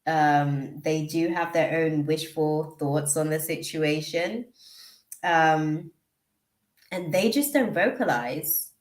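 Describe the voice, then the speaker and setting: A woman reading tarot on a live stream talks slowly and unhurriedly in a fairly low voice. She is chatty and emotional and keeps drifting off to react to the chat. The room around her sounds echoey. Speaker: tarot reader.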